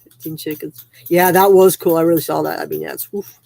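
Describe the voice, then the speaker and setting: A woman's voice: low voice, steady tone, brisk, gravelly, darkish tone, dry recording. A woman hosting a casual livestream, chatting loosely, reading viewer comments aloud and laughing easily. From Canada. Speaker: livestream host.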